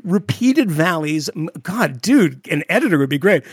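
A man's voice: fairly high pitch, moderate pace, few pauses, husky. A man co-hosting a podcast, talking casually and mocking a text as he reads it aloud, laughing often. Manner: mocking, laughs often, swings between flat and loud. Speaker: podcast co-host. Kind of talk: casual chat, sarcastic reading aloud.

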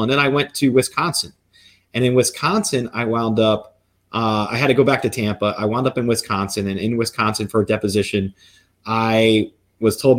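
A man, guest on a podcast, talking as a psychic medium and lawyer, telling stories in an animated, lively way. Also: mid-range voice. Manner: animated, quick storyteller. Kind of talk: storytelling in a podcast interview.

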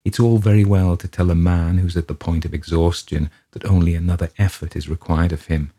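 A man reading a classic story aloud in a measured, deliberate way. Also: low voice, fairly even intonation, mellow, slightly rough. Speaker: audiobook reader. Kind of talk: storybook narration.

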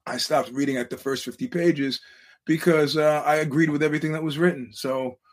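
A man's voice: a little high, fairly even intonation, brisk. A man hosting a podcast, talking casually in a rambling way, restarting his sentences often and quoting other people as he goes. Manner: rambling, frequent restarts, quotes others in voices. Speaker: podcast host. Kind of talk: casual monologue to listeners.

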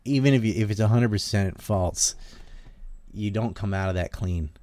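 Low, dry-sounding podcast host from the American South, casual, rambling delivery. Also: male voice, normal speed, warm tone, no room sound. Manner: rambling, trails off and restarts, laughs often. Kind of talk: casual political chat.

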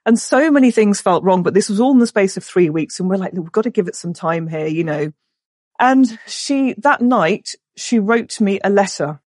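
A woman's voice: mid-range voice, expressive, a little mellow, no room sound, studio quality. Emotional woman telling a family story. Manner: emotional, halting, with many restarts. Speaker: guest. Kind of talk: personal storytelling in a podcast interview.

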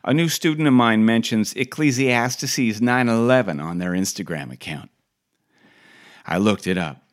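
A middle-aged man hosting a podcast, delivering a wry, scripted comic monologue with deadpan asides. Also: on the low side, unhurried. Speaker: podcast host.

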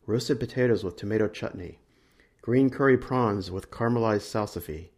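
A man reading a short story aloud in a dry, measured second-person narration. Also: fairly low pitch, darkish tone. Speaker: story reader.

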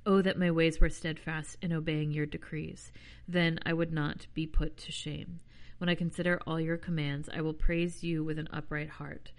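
Woman host, low pitch, reads scripture plainly, casual between passages. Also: flat delivery, normal speed, creaky. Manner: chatty, self-deprecating asides. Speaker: podcast host. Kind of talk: reading scripture aloud with casual asides.

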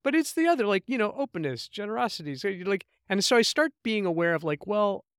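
A middle-aged man with a fairly high voice talks as a guest in an interview. He tells stories in an animated, thoughtful way. The sound is close and dry. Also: fast talker, clear, resonant tone, no echo. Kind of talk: conversational interview.

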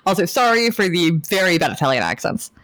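A woman's voice: lowish voice, quick pace. A woman hosting a casual podcast, joking around and steering the conversation. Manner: joking, playful, lively delivery. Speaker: podcast host.

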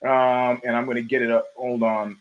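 A man's voice: mid-range voice, level tone, normal speed, muffled recording. A middle-aged man hosting his own podcast, talking in a loose, digressive way with many fillers and restarts. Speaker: podcast host. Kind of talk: casual rambling commentary.

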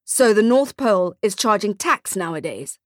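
A woman's voice: medium pitch, very animated, normal speed, dry recording, studio quality, lightly acted. A woman voicing an exhausted, reluctant young father with a tired, exasperated way of talking.

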